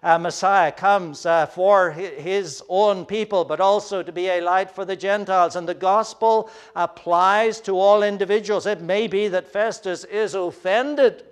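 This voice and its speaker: A preacher with a high, smooth voice and steady tone works through an expository sermon. Earnest and explanatory, he often hesitates on fillers and speaks directly to the children.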